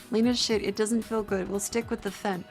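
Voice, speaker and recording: A woman's voice: medium pitch, fairly bright tone. Tired, joking Australian woman streamer. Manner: rambling, profane, self-mocking banter with chat. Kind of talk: casual livestream chat. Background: faint music.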